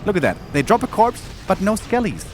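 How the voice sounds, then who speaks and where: A man commentating a live strategy game match, calmly explaining play and tactics. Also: sits high, a little fast, soft background music. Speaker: esports commentator. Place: event studio.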